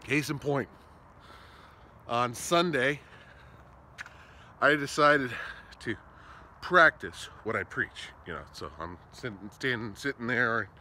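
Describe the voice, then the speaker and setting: A man giving casual advice while out on a walk, talking in an animated way that swings between loud emphasis and soft, slow asides. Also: mid-range voice. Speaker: vlogger. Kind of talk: walking vlog, casual advice talk. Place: outdoors on a walk, street traffic nearby. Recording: faint outdoor street noise.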